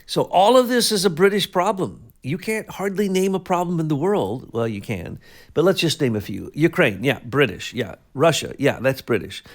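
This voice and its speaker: A man's voice: fairly high pitch, animated, moderate pace. A man co-hosting a political talk show, speaking emphatically, piling up sweeping claims with frequent restarts. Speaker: co-host.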